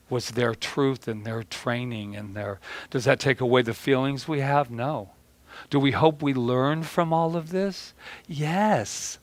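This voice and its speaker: A man's voice: medium pitch, no echo. Rambling male preacher with a dry sound. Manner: rambling, with many restarts and repeated words. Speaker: pastor. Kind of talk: sermon.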